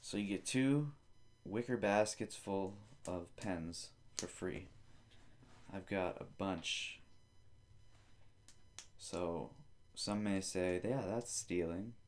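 A man's voice: low voice, extremely slow, pauses often, slight background noise. A man hosting a rambling solo comedy podcast, telling crude jokey stories and swearing freely. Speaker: podcast host.

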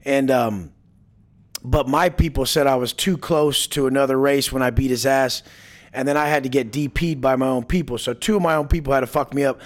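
A man's voice: medium pitch, fairly quick. A man as an interview guest, telling stories bluntly with heavy swearing and acting out quoted lines. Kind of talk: casual storytelling interview.

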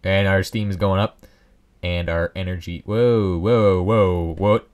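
Young male gaming host, lowish voice, loose rambling commentary with self-mocking jokes. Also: fairly even intonation, slow, darkish tone. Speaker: Let's Play host. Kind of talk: casual gameplay commentary.

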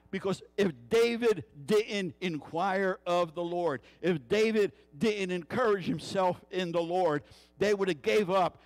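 A man preaching a sermon as a guest pastor, telling a story with rhetorical questions and acting out the quoted voices. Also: fairly high pitch.

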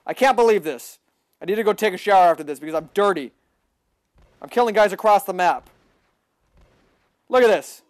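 A man giving excitable live gameplay commentary, boasting, repeating himself and bursting into loud yelling. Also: high-pitched, quick pace, no echo, clean studio sound. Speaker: gaming livestreamer.

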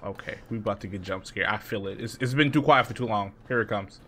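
A man's voice: fairly low pitch, fast talker, sharp tone, a little hiss or hum. Profane joking gamer man. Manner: profane, joking, talks back to the game. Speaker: gaming streamer. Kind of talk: let's play commentary.

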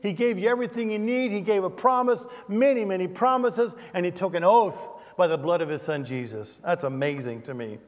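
Older male pastor, fairly high voice, lively sermon with jokes, long hall reverb. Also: fairly quick, few pauses. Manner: animated preaching with humorous asides. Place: church sanctuary.

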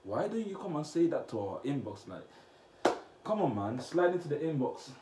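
A man's voice: a little high, very animated, moderate pace. Young man in an echoey room. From Cameroon. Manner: blunt, slangy, bursts into loud outbursts. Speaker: vlogger reacting to comments. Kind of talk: casual reaction vlog. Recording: echoey room with faint noise.

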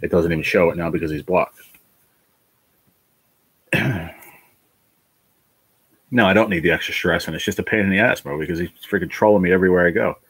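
A man's voice: low voice, brisk, long pauses, fairly bright tone, husky, no echo, rough recording. A man hosting a casual livestream chat, worn down by illness, rambling and swearing as he vents his frustrations. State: ill, worn down. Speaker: livestream host.

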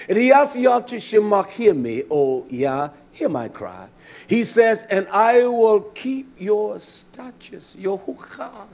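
A man preaching a sermon in an emphatic way, often repeating key words. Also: high voice.

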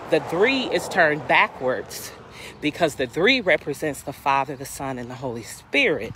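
Animated woman in her fifties telling a story. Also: low voice, normal speed, a little hiss or hum. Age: 50s. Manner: animated, acts out dialogue in voices. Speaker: life coach and inspirational speaker. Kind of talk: casual storytelling testimony.

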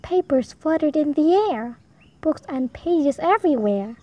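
A woman reading a rhyming picture book aloud for young children, in a slow, sing-song read-aloud manner. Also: sits high, lively intonation, mellow. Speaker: storybook reader. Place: home.

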